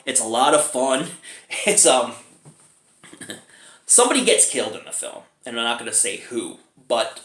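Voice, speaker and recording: A man's voice: mid-range voice, a bit bright. A man casually reviewing a movie, chatty and chuckling often as he talks. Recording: roomy echo.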